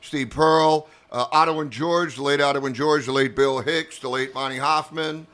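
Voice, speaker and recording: A man's voice: on the high side, moderate pace. A man, an actor and comedian, telling rambling, profane stories in a casual podcast chat. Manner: profane, rambling, animated storyteller.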